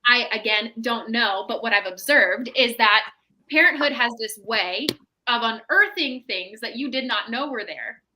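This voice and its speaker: A woman's voice: a little high, expressive, unhurried, pushed and bright, slight background noise, rough recording. A woman, a mental health professional appearing as a podcast guest, talking in a reflective, explanatory way and often checking in with "right?". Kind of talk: casual podcast chat.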